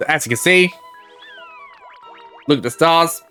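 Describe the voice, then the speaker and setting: A male game streamer talking through his play in a loose, rambling way, often reading the characters' lines aloud. His voice is bright and a touch high, with faint game music behind him. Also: a little slow, pauses often. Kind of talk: casual gameplay commentary.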